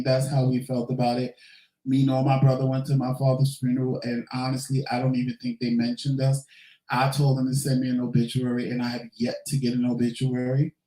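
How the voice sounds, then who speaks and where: Mellow-voiced man chatting candidly. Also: mid-range voice, reverberant, low-quality recording. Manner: candid, chatty, swears casually. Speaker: vlogger host. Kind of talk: casual Q&A chat.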